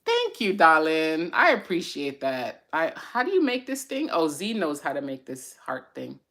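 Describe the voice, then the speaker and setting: A woman hosts a casual live-stream chat, talking in a chatty, encouraging way to her viewers. Her voice is bright and forward. It sits a little low for a woman. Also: big pitch swings, moderate pace. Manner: chatty and encouraging, with fillers and side remarks to viewers. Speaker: host of a mental health segment.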